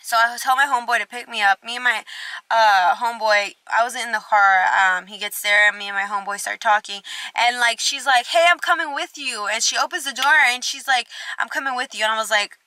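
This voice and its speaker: A woman's voice: fairly high pitch, fairly even intonation, a little fast, sharp tone, no room sound. A young woman telling a casual storytime, chatty and candid, full of "like". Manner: chatty, fillers of "like", candid and blunt. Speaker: vlogger.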